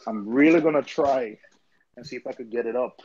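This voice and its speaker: A man's voice: medium pitch, fairly quick, a crowd in the background. A man joking and chatting casually on a group video call. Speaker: reef hobbyist. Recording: muffled call audio with background noise.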